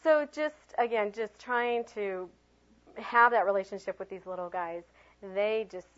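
A woman teaching a workshop on children's ministry, telling lively stories and acting out quoted voices in a high bright tone. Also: unhurried. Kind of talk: workshop talk. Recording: dull lo-fi recording.

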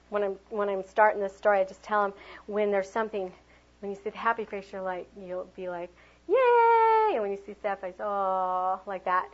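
Middle-aged woman teacher running a workshop, lively demo voice, slightly muffled lo-fi recording. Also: on the high side. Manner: animated, acts out sounds and voices for children. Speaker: preschool teacher leading a workshop. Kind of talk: teacher training talk with demonstrations.

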